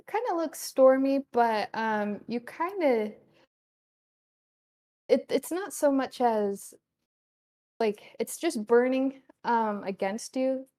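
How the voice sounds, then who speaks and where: A woman's voice: a little high, dark tone. Giggly woman running a tabletop game. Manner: hesitant, giggly, many fillers. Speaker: game master.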